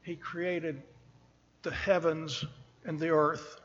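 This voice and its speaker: Slow, earnest male preacher in a reverberant church. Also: fairly high pitch, steady tone, muffled recording. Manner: earnest, slow and emphatic, rising on scripture. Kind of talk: sermon. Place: church sanctuary at a pulpit.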